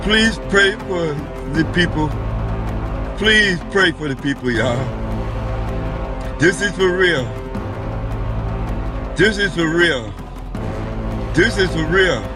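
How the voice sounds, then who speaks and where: A man's voice: high-pitched, animated, slow, pauses often, over music. A shaken man, filming on his phone outside a hospital and urgently pleading with people over and over. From Brooklyn, New York. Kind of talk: live phone video plea. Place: outdoors beside a hospital. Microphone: phone camera.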